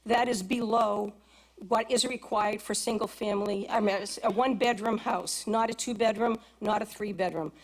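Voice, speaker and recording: A woman's voice: mid-range voice, fairly even intonation, normal speed. A woman resident giving public comment at a city council hearing, reading from documents with frequent hesitations. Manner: hesitant, reads from application with many ums. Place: council chamber.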